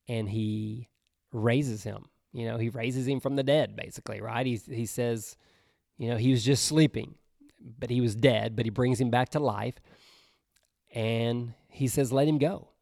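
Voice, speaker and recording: A man's voice: mid-range voice, creaky, darkish tone, no echo, clean studio sound. A man preaching a sermon. He reads scripture dramatically and adds casual, conversational comments. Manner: reads scripture slowly and dramatically, then breaks into casual asides.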